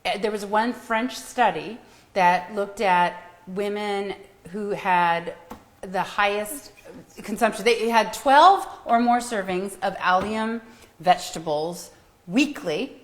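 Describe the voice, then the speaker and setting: Upbeat woman explaining nutrition. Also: medium pitch. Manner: upbeat, quick asides and explanations. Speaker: co-host doctor explaining nutrition. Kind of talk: casual cooking show chat.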